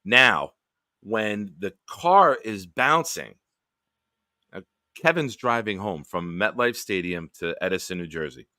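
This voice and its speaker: A man hosting a late-night live stream hangout, telling stories in a profane, animated way. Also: fairly low pitch, slow pace, dry recording, clean studio sound. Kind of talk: casual late-night storytelling.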